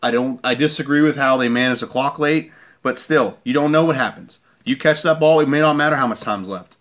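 A man's voice: medium pitch, fairly quick, a bit bright. Irate man ranting about football. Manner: irate, repeats himself, keeps asking "okay?". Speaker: sports fan vlogger. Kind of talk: heated sports rant.

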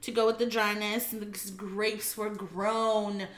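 A woman's voice: mid-range voice, little pitch movement, measured pace, fairly bright tone, echoey room. A woman co-hosting a casual podcast, telling stories with enthusiasm. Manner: enthusiastic, storytelling. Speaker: podcast co-host. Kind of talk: casual drinking chat.

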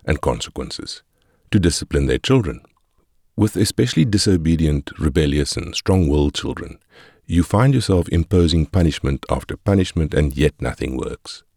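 A man with an extremely deep voice reads a parenting guide aloud in measured, instructive short phrases. The recording is dry and close, with no room sound. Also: vocal fry, a little mellow, dry recording. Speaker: audiobook narrator. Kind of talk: scripted narration of a parenting guide.

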